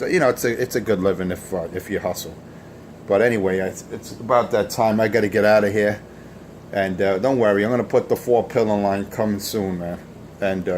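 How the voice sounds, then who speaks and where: A man's voice: on the low side, darkish tone, a little hiss or hum. Brash, taunting man on a CB radio. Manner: taunting, profane and self-assured. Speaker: CB radio show host. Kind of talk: boastful on-air trash talk.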